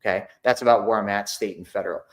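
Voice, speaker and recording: A man's voice: fairly low pitch, steady tone, quick pace. A middle-aged man hosting a casual talk to an online audience, chatty and repetitive, acting out his own phone calls. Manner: conversational, repeats himself, acts out phone calls. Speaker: host of a money and investing talk.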